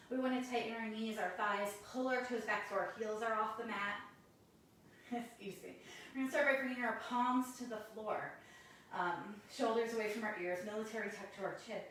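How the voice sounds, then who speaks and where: A woman's voice: on the high side, slight background noise. Woman leading yoga in an echoey room. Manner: calm step-by-step cues with self-aware asides. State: a little out of breath while doing poses. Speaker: yoga instructor. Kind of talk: guiding a yoga class. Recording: very echoey room, mic at a distance.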